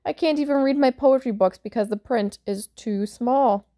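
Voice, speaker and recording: Woman voicing a slow, booming old giant. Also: warm tone, close to an everyday voice. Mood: gruff. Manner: slow, booming, drawn-out delivery. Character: very old toothless male giant, gruff.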